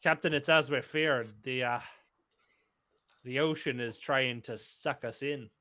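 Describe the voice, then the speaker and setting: A man voicing a brisk, no-nonsense woman first mate who talks bluntly and scolds. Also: mid-range voice, bright, forceful tone. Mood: urgent.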